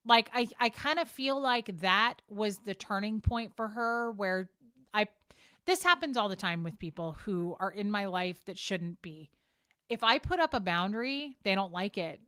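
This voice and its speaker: A woman's voice: medium pitch, fairly bright tone, no echo, studio quality. A woman vlogger ranting frankly and with exasperation, swearing and repeating herself as she talks to the camera. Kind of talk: casual talking-to-camera rant.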